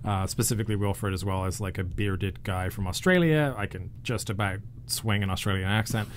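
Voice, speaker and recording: A man's voice: lowish voice, fairly quick, a little hiss or hum. A man co-hosting a casual podcast, rambling with lots of fillers and frequent laughs. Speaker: podcast co-host. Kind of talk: casual chat.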